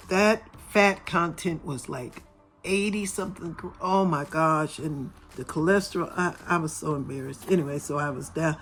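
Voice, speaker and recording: A middle-aged woman vlogger chatting casually with her viewers, her voice still a little raspy and hoarse after a cold. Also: low-pitched. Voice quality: slightly raspy. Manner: chatty, talks straight to viewers. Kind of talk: casual chat. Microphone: camera filming from overhead.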